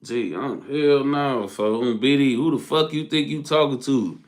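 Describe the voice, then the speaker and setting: A young man telling a casual, profane storytime, animated and full of street slang, laughing and acting out what people said. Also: medium pitch, unhurried.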